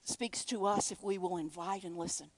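A woman preaching a sermon, swinging between loud emphatic lines and hushed, whispered ones. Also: on the low side, steady tone, normal speed, no room sound.

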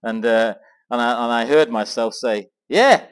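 A middle-aged man from England telling an animated personal story to a Christian men's gathering, acting out the dialogue as he goes. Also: medium pitch, moderate pace, clean tone. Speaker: speaker at a men's Christian weekend. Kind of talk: storytelling talk to a live audience.

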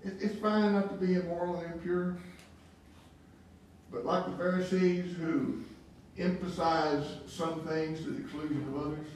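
A man's voice: a little high, flat delivery, normal speed, darkish tone. A man teaching a Sunday Bible class, questioning the class and often repeating and restarting his words. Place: church classroom. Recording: echoey room from far off, faint hiss.

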